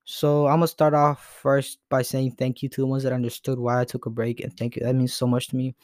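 A man's voice: mid-range voice, completely flat delivery, fast, a little mellow, dry recording, clean studio sound. A young man hosting his own podcast, talking in a rambling, earnest way with lots of restarts, his voice sometimes breaking with emotion. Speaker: podcast host. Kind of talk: casual solo podcast monologue.

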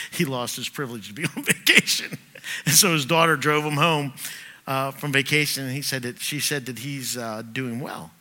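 A middle-aged man, a pastor, delivering a sermon and telling personal stories, swinging from loud bursts to quiet asides. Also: mid-range voice, moderate pace.

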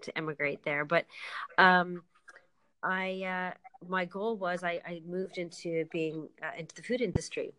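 A woman's voice: lowish voice, steady tone, measured pace, bright, forceful tone. A middle-aged American woman with a slight Irish tinge, a chef guest on a remote call, bubbly and quirky, laughing a lot. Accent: slight Irish tinge over American. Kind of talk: casual interview over a call.

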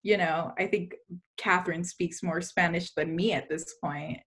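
A woman's voice: on the low side, steady tone, measured pace, fairly bright tone. A young college woman chatting casually in an easygoing, matter-of-fact way. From Douglas, Arizona area. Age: young adult. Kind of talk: casual chat.

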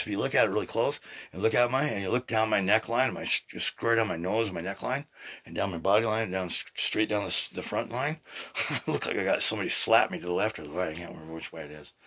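A man in his sixties hosting a podcast, rambling in a casual, excitable way, swearing freely and often restarting his sentences. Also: lowish voice, fast, slightly rough. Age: 60s. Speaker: podcast host. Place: at home, seated.

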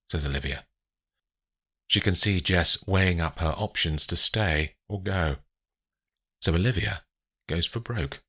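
A man narrating an audiobook with expressive storytelling. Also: deep voice, unhurried, long pauses, husky.

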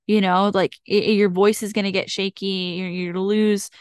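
A woman's voice: medium pitch, level tone, normal speed, darkish tone, clean tone, no echo, clean studio sound. A woman hosting a solo self-help podcast, talking casually with lots of "like" fillers in a direct, encouraging way. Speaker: podcast host.

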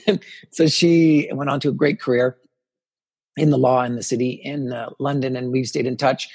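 A man in his fifties, a podcast guest telling personal stories in a lively way and acting out what people said to him. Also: mid-range voice, moderate pace, breathy edge. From Canada. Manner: animated storyteller, acts out quoted dialogue. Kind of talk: personal storytelling in a podcast interview.

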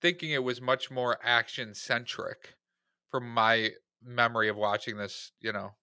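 Male podcast co-host, bright tone, easygoing and halting, dry close mic. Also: medium pitch, clean tone, no echo. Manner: relaxed, hesitant, full of fillers. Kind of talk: casual movie review chat.

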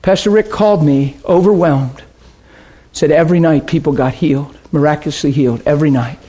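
A man preaching a sermon and telling stories, swinging from loud excitement to hushed, quiet asides. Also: a little high, a little fast, slightly rough. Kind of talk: sermon storytelling.

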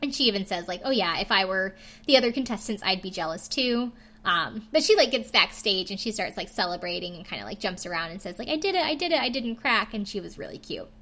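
Chatty young woman with a bright voice. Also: medium pitch, animated, a little fast. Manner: chatty, filler-heavy, gossipy, frequent laughs. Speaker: podcast host recapping a TV show. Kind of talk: casual recap chat.

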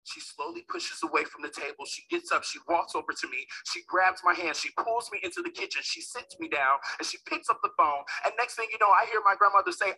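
A motivational speaker delivers a dramatic talk built around a personal story, acting out the voices of the people he quotes and building up to shouts. His voice is high-pitched and breathy-edged, coming fast with few pauses, on a rough recording.

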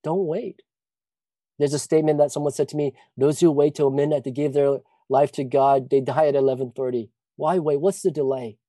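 Dark-voiced man preaching a sermon. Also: fairly high pitch, fairly even intonation, moderate pace, dry recording. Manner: earnest preaching with frequent restarts and "you know". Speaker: pastor. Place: church retreat service.

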